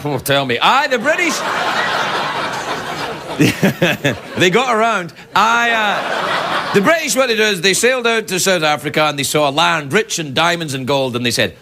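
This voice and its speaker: A man's voice: medium pitch, background noise. A middle-aged Scottish man giving a rambling, playful comedic monologue as a late-night talk show host. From Scotland. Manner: rambling, self-interrupting, playful. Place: television studio with live audience.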